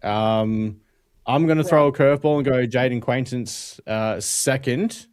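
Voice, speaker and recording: A man's voice: mid-range voice, measured pace, darkish tone, dry recording. A man with an Australian accent co-hosting a casual podcast, blunt with casual swearing. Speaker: podcast co-host. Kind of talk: casual roundtable chat.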